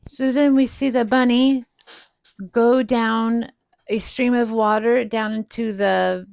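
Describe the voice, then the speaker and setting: Podcast co-host, woman; slow, relaxed recap voice, close and dry. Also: on the high side, gravelly, dry recording. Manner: retells scenes with quoted lines, laughs often. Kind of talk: casual movie recap chat.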